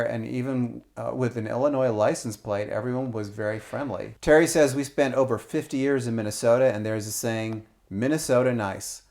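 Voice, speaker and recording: A man's voice: medium pitch, a little mellow. A man hosting a casual travel podcast, reading listener comments aloud and chatting with his family. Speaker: podcast host.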